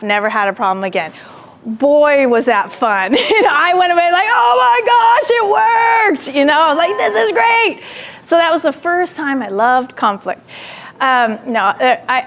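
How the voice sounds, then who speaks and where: Woman lecturing with animated storytelling. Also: on the high side. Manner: animated storytelling, acting out her own quoted lines; asks the audience direct questions. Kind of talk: classroom lecture with personal story.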